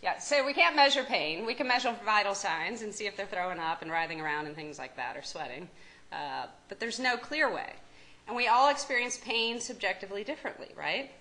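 This woman speaks at a fairly quick clip in a mid-range voice with a sharp edge, and the audio is poor. She's a psychiatry professor with a Kentucky accent delivering a medical lecture in a lecture room. Her style is conversational: she cracks jokes and asks the audience questions.

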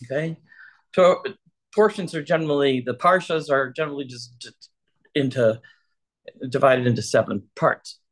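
A man's voice: mid-range voice, normal speed, pauses often. A man leading a casual Torah study, chatty and loose, who keeps checking in with his listeners.

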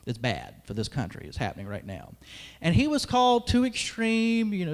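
A man's voice: high-pitched, huge pitch swings, a little fast. A young man giving an emphatic political speech at a conference, with sarcastic asides. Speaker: conference speaker, radio host. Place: large hall. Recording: long hall reverb.

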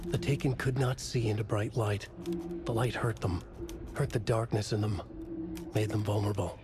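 An actor giving measured, brooding noir narration in short fragmented phrases for a video game. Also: male voice, on the low side, steady tone, close to an everyday voice. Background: game music.

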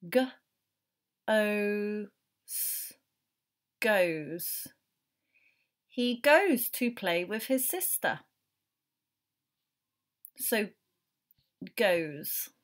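A woman leads a phonics lesson for young children at a very unhurried pace. She sounds out each letter one at a time, then blends them into the word. Her voice sits at an ordinary middle pitch for a woman. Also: sing-song. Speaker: teacher.

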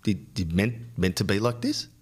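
A man's voice: on the low side, moderate pace, husky. Polite, hesitant policewoman in her thirties, as a man puts her on. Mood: puzzled.

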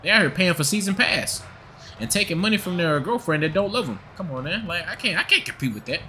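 A man's voice: sits high, animated, fast talker, bright, forceful tone, a little hiss or hum. A young man giving profane, trash-talking gameplay commentary with a hyped, joking manner. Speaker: gaming video creator.

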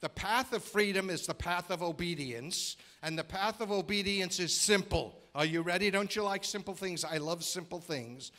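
A man preaches a sermon in a church, his voice sitting a little higher than most men's. He drives his points home by repeating phrases in rhythmic lists and keeps turning to the congregation with questions. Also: moderate pace, hardly any pauses, sharp tone. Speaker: guest preacher. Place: church sanctuary.

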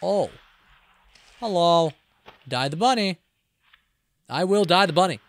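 Male streamer, high and very animated, playful and jokey, banters with the game's characters. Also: normal speed, no room sound. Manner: playful, jokey, talking back to game characters; rambling self-talk with frequent restarts. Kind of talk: live gameplay commentary.

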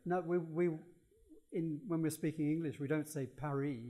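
A man's voice: a little high, little pitch movement, normal speed, dark tone. A man, a guest art lecturer, answering questions in a thoughtful, musing way with small hesitations.

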